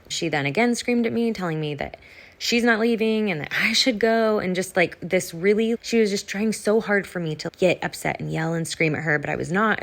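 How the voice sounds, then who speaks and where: A young adult woman, a podcast guest, telling a personal story candidly with many "like" fillers. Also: on the low side.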